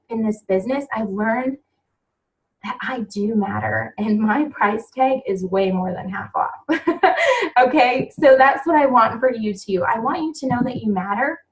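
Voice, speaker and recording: A woman's voice: fairly high pitch, far from the mic, rough recording. A woman in her thirties giving an emotional, earnest motivational talk to new team members on a group call.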